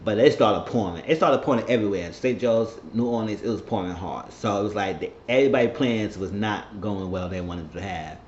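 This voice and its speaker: Male recap host, lower voice, rambling slangy delivery, roomy muffled home recording. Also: fairly quick, few pauses, a little mellow, a little hiss or hum. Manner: rambling, loose slang with profanity. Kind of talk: casual episode recap.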